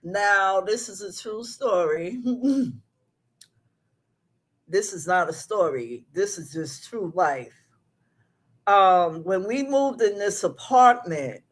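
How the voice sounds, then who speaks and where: Slow-talking middle-aged woman chatting live. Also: lowish voice. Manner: chatty, talks straight to viewers, drawn-out storytelling. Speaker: host of a live recap show. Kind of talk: casual live chat with viewers. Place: at home in her apartment.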